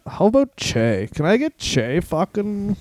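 A man voicing a laid-back stoner pro wrestler in a lazy, low, slow drawl. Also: wildly swooping pitch, background noise, heavily acted.

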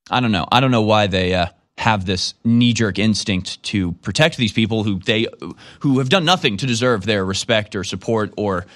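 A man's voice: fairly low pitch, a bit bright, no echo, clean studio sound. A man giving casual, sarcastic political commentary, rambling and repeating himself as he reacts to a replayed clip.

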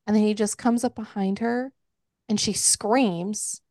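A young woman hosts a podcast in a chatty, swear-heavy style. She sits at a middle pitch for a woman. Her voice comes through close and dry against the mic. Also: fairly even intonation, unhurried, darkish tone, dry recording. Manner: chatty, profane, laughs often. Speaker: podcast host. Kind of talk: casual book recap.

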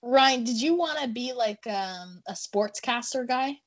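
Young woman, kinda high voice, laughy and teasing, casual chat. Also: expressive, unhurried.

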